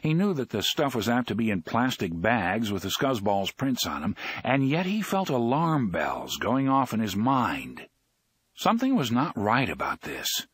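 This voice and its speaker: A man narrating an audiobook in an expressive, dramatic reading. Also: mid-range voice, measured pace, husky.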